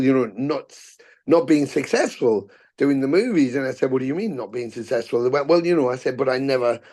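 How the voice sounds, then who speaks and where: Swearing storyteller, middle-aged man. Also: mid-range voice. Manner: animated storyteller, swears freely, acts out quotes. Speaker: podcast guest, musician and actor. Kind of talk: casual storytelling interview.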